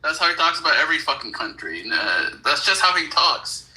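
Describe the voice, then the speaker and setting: A man's voice: a little high, very animated, a little fast, bright, forceful tone, poor audio. A man co-hosting a podcast, arguing politics in a blunt, profane, insistent way. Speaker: podcast co-host. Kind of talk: heated political debate.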